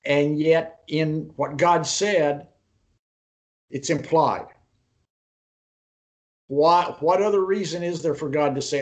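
Higher-voiced man teaching a Bible class. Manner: unhurried storytelling, pauses and restarts mid-sentence; poses questions to the class. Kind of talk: online class lecture.

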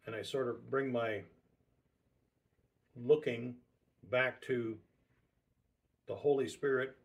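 A man preaching a sermon in a relaxed, conversational way, repeating words for emphasis. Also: medium pitch, slow pace, gravelly, muffled recording.

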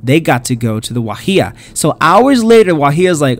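A man's voice: a little high, big pitch swings, normal speed, hardly any pauses. A man casually recapping a comic book for his channel, chatty and slangy.

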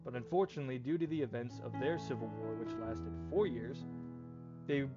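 A man's voice: mid-range voice, brisk, dull audio, over loud music, natural voice. A man voicing a grave, all-seeing cosmic narrator in a dramatic, solemn storytelling manner.

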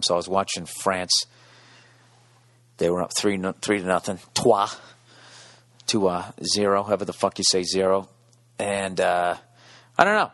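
A man hosting a solo podcast from a hotel room, rambling and swearing with sarcastic asides that swing from mumbled to excited. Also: on the high side, no room sound, studio quality. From United States. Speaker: podcast host.

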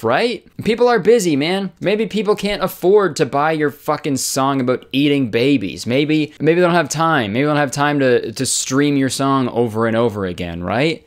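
A young man giving sarcastic comedic commentary, ranting with swearing and exaggerated asides. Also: medium pitch. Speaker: YouTube commentator.

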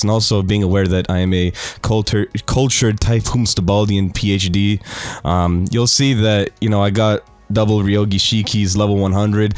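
Crude joking young man. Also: dry recording. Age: young adult. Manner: crude, joking, swears a lot; jumps to loud high mock voices. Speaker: gaming youtuber. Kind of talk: casual gacha summon commentary.

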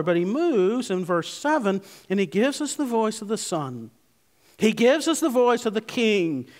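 A male pastor preaches with a high, light voice, leaning hard on key words and then dropping to quiet, low asides. He sounds like he is in a church sanctuary, with long reverb trailing each phrase. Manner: emphatic, swinging from loud stresses to hushed low asides. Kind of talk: sermon.

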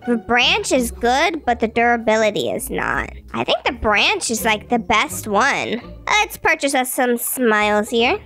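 A young woman hosts a gaming video, reacting loudly to each moment and often breaking into shrieks. Her voice sits high and swings widely in pitch, with a bright, sharp tone. Faint music plays under her talk. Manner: excitable, shrieks when scared. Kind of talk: game commentary.

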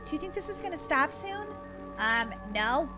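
Very high-pitched excitable woman gamer. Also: music in the background. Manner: dramatic, squealing and gasping, quick swings from panic to jokes. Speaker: gamer playing as a character in a roleplay. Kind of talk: excitable game role-play chat.

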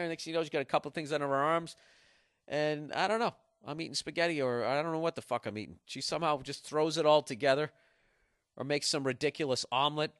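Profane, animated man ranting on a podcast. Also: medium pitch, a little fast, no echo, clean studio sound. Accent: Boston. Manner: profane, animated, mock-aggressive bragging. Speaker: podcast host. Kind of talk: casual solo podcast rant reading listener email.

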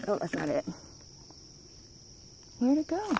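A woman's voice: sits high, very animated, measured pace, gravelly, long pauses, warm tone, slight background noise. A woman who rescues wildlife, talking in sing-song baby talk to her animals and laughing often as she films them on her phone. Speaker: wildlife rehabilitator. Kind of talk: casual talk to animals while filming.

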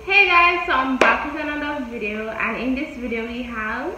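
A woman's voice: high-pitched, normal speed. A bubbly young woman, hosting a casual mukbang vlog chat. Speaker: vlog host. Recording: echoey, dull and noisy room.

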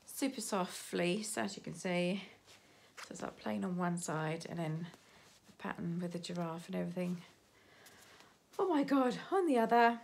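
A woman's voice: on the low side, expressive, moderate pace, vocal fry, darkish tone, a little hiss or hum. A woman in her fifties with grandchildren, chatting casually and rambling through a shopping haul with many restarts. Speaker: vlogger showing a shopping haul.

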